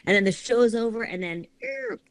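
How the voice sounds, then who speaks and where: A woman's voice: a little high, huge pitch swings, normal speed. A middle-aged woman, a fitness competitor and coach, talking earnestly in a casual podcast chat, often asking "right?".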